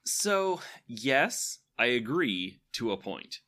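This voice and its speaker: Bright-voiced man rambling happily. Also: mid-range voice, sing-song, slow. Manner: rambling, enthusiastic, laughs often. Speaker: podcast co-host. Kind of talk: casual chat.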